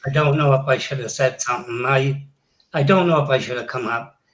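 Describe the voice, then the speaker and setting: A man in casual chat, speaking hesitantly and haltingly. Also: mid-range voice, fairly bright tone, poor audio.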